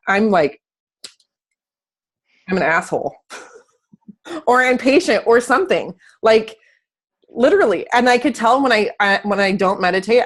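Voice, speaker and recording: Motivational woman host, emphatic and blunt, heard over a video call. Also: medium pitch. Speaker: host of a coaching live video. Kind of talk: casual live-stream chat.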